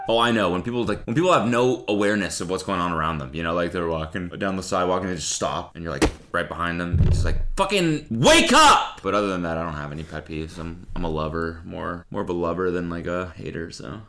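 A man's voice: low-pitched, fairly even intonation, fast, few pauses, music in the background. A man in his thirties doing casual, sarcastic reaction commentary, swearing freely and acting mock-outraged.

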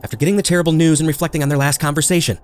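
A man hosting a podcast, reading a scripted true crime narration in a brisk, measured storytelling manner. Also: fairly high pitch, fairly even intonation, smooth.

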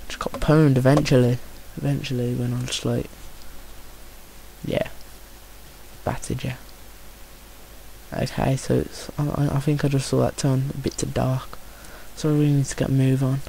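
A young man with a Birmingham accent, giving chatty, excitable and jokey commentary on his own gameplay. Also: mid-range voice, normal speed, vocal fry, long pauses, a little hiss or hum. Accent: Birmingham English. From Birmingham, England.

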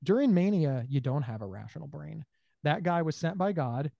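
A man speaking as an advocate in an interview, explaining with lively acted-out dialogue, often stumbling over first words and asking "right?". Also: fairly high pitch, normal speed, creaky, no room sound, highs cut off. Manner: animated, acts out dialogue in changing voices; repeats words at starts, checks in with "right?". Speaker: bipolar disorder advocate. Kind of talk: conversational interview answers.

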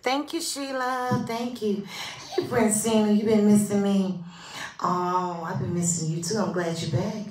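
A woman hosting a casual live stream, greeting her viewers by name with drawn-out, animated calls and dropping into soft asides. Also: mid-range voice, a little hiss or hum. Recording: roomy, distant from the mic.

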